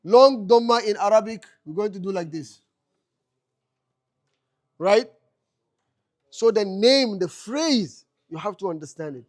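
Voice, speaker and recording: A man with a high-pitched voice teaches a class in a mosque classroom. He keeps asking the students questions and then answers them himself. He repeats his key points to drive them home. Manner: repeats key phrases for emphasis. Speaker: Arabic teacher. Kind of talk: classroom lecture.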